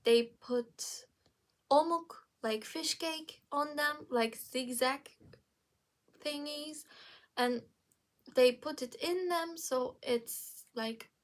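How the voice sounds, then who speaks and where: A woman's voice: high-pitched, extremely slow. A young woman vlogger chatting casually about TV shows, rambling with many fillers and restarts.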